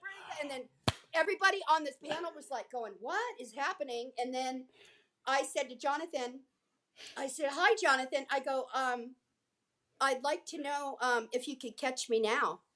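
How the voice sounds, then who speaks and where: High-voiced older woman, chatty storyteller. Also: moderate pace. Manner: chatty, animated, acts out quotes. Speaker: guest, former featured extra. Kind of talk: casual storytelling interview.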